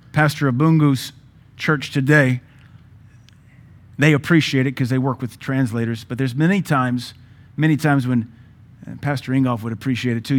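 A man preaching a sermon as pastor, emphatic and joking, with sudden louder bursts. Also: mid-range voice.

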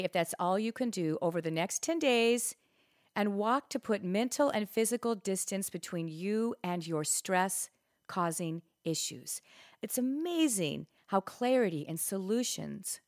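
A woman's voice: medium pitch, no room sound, studio quality. A middle-aged woman hosting a fitness podcast, giving upbeat, emphatic coaching in a casual instructional talk.

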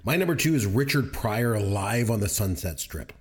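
A man's voice: on the low side, expressive, moderate pace. A man co-hosting a podcast, telling stories in an emphatic, enthusiastic way. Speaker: podcast co-host. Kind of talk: casual podcast chat.

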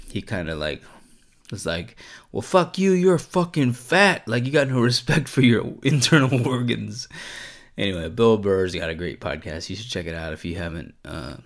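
A man hosting a casual solo podcast, rambling and swearing a lot, with plenty of "like" and "um". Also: low-pitched. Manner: profane, rambling, lots of "like" and "um". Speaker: podcast host.

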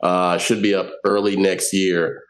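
A man's voice: sits low, flat delivery, a little slow, poor audio. A male comedian guest on a podcast, chatting in a laid-back way with hesitant ums. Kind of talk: casual chat.

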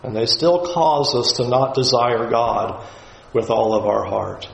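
A man's voice: mid-range voice, steady tone, measured pace, creaky, echoey room, poor audio. A man giving a Bible lesson in an emphatic way, often acting out the voices he quotes. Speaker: Bible teacher.

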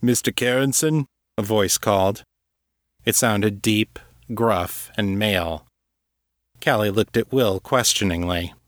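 A man with a lowish voice narrates a serialized fantasy story in a steady, measured way. He is recorded on a close mic with a dry sound. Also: no echo. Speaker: narrator and author. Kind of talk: scripted audiobook narration.

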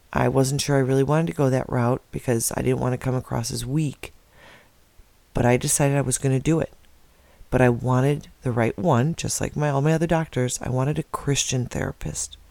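A man recounts a personal faith story in an earnest, heartfelt way. His mid-range voice carries a gravelly edge. The sound is dry and close. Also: mid-range voice, a little mellow, dry recording. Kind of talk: personal testimony.

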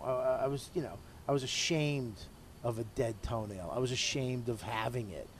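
A man's voice: medium pitch, slight background noise. A middle-aged man, a comedian being interviewed, talking candidly and profanely about himself while smoking a cigar. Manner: candid, profane, self-deprecating. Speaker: comedian guest. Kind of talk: casual interview talk.

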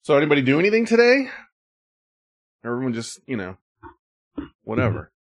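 A man's voice: medium pitch, huge pitch swings, a little fast, no echo. A man co-hosting a casual podcast, teasing and laughing often. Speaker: podcast co-host. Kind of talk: casual chat.

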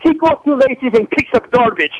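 A prank caller's heavily acted impression of a boastful Italian boss comes through a phone line, full of gloating threats in broken English and a fake Italian accent. His very high-pitched voice is expressive and slightly rough, delivered at normal speed. There's no echo.

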